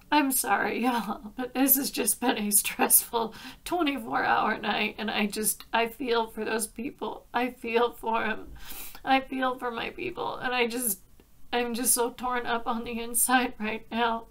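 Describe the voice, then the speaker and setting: A woman's voice: a little high, steady tone, unhurried, fairly bright tone. A woman hosting a crafting vlog, chatting in a heartfelt way and laughing often. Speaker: card-making crafter. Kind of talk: casual crafting vlog chat.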